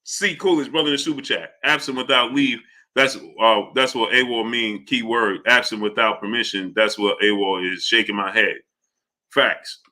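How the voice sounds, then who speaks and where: Livestream host guy, really bright cutting voice, mutters chat names then goes off loud and preachy. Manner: swings between low mutters and loud heated outbursts; heated, preachy ranting. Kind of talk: casual livestream commentary, reading viewer chats.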